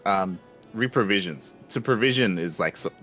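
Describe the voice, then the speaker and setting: Low-voiced man chatting through a game. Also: lively intonation, moderate pace, sharp tone, faint music behind. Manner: explains words patiently, laughs often. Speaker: streamer playing a game. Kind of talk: casual gameplay chat.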